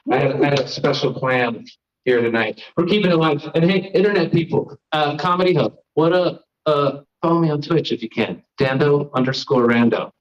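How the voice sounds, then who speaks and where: A young man from Florida doing a live stand-up set, rambling, self-deprecating and riffing with the crowd. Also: mid-range voice. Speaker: stand-up comedian and host. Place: comedy stage. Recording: lo-fi live stream audio.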